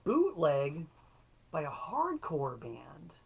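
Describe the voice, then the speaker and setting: A man's voice: on the high side, huge pitch swings, very slow, vocal fry, slightly rough. A middle-aged man hosting a casual solo show, telling stories in an enthusiastic, wry way with playful quotes. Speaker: show host and record collector.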